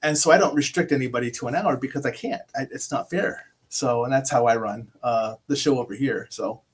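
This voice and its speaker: A man chatting casually as a guest over a video call, telling rambling, animated stories with many restarts. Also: medium pitch, a little fast, breathy edge. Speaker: podcast host appearing as guest. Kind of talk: casual chat.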